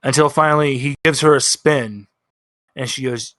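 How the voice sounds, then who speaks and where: A man narrating a tabletop role-playing session as game master, telling the story slowly and dramatically and voicing the characters' lines. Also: mid-range voice, steady tone, fairly bright tone, dry recording, studio quality. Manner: slow, dramatic storytelling with voiced quotes.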